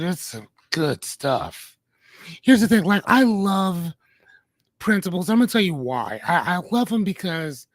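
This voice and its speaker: A man's voice: on the high side, no echo. A man hosting a casual livestream, chatting playfully with viewers in a rambling way and greeting them by name. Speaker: livestream host.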